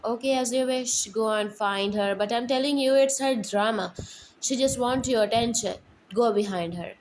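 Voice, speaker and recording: A woman's voice: a little high, moderate pace, darkish tone, slight background noise, lightly acted, low-quality recording. A woman voicing a dismissive, scheming young sister who speaks in soothing tones.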